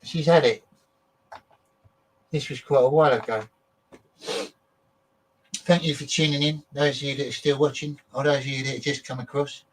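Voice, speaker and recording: A man hosts a casual chat stream in a blunt, candid, swear-laden manner. His voice sits at an ordinary middle pitch. It comes through distant and choppy, as if over a bad internet connection. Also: fairly even intonation, normal speed, long pauses, slight background noise. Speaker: show host.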